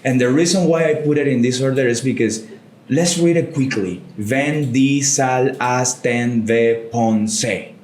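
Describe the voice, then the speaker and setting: A man's voice: medium pitch, unhurried, darkish tone. Male podcast co-host, patient step-by-step explainer, mid-range voice, room echo. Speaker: podcast co-host, Spanish teacher. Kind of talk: casual teaching chat. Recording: roomy studio echo.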